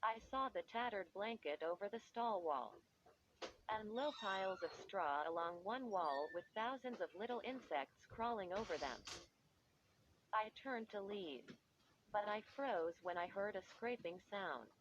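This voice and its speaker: Female audiobook narrator, unhurried first-person storytelling; dull recording with faint background hiss. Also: mid-range voice, lively intonation.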